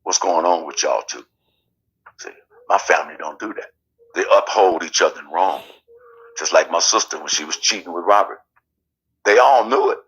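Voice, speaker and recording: A man with a deep, husky voice and bright, forceful edges tells a family grievance. He talks in swinging, animated bursts and acts out what others said to him. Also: moderate pace, long pauses, rough recording. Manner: animated storytelling, acting out quoted family. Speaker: guest. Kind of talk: candid personal story.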